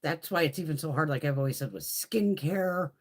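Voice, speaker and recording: A woman's voice: sits low, a little fast, a little mellow, breathy edge. A woman casually chatting on a live beauty stream, rambling and swearing a lot. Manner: chatty, laughs often.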